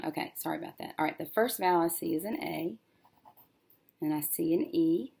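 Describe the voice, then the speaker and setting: A woman teacher working through a syllable-division lesson, thinking aloud and slowly sounding out each syllable as she writes. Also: low-pitched, creaky, background noise. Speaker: reading teacher.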